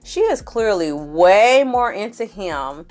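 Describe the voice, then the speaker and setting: A woman casually recapping a reality TV episode in an animated, sassy way, with slangy asides and acted-out quotes. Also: mid-range voice, takes it slowly.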